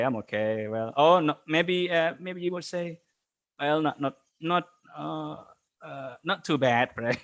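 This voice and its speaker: A man teaches an online English class at a mid-range pitch. He talks in a halting way, restarting phrases, and his speech is full of fillers and frequent chuckles. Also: fairly bright tone.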